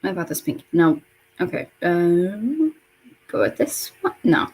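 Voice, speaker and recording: A woman in her mid-twenties chatting casually while getting ready in her bedroom, rambling and swearing, with sudden high excited jumps in pitch. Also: measured pace, a little hiss or hum. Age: mid-20s. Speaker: vlogger. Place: bedroom at home.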